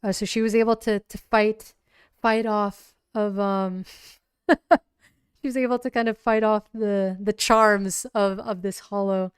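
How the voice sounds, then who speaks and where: A woman narrating her solo tabletop role-playing game on a livestream, halting with many restarts. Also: mid-range voice, steady tone, clean tone, no echo, clean studio sound.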